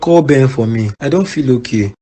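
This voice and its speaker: A man's voice: mid-range voice, animated, moderate pace, dark tone, natural voice. An actor playing an injured, remorseful middle-aged father pleading from a hospital bed. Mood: tender. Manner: weak, pleading.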